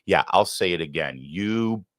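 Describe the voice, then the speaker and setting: A political talk show host presents a live commentary program, sarcastic, heated and combative at a close studio mic. His voice is deep and animated but unhurried, and the recording is very noisy.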